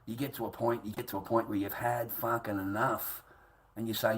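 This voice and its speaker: A man's voice: fairly low pitch, little pitch movement, a little fast, rough recording. A man ranting to camera in a coarse, repetitive way, swearing freely.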